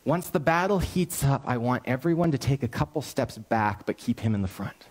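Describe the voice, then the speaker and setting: A man's voice: mid-range voice, lively intonation, moderate pace, lightly acted. A man voicing a scheming king who speaks in a breezy, falsely friendly and persuasive way, as part of a sermon story. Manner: breezy, persuasive, overly casual.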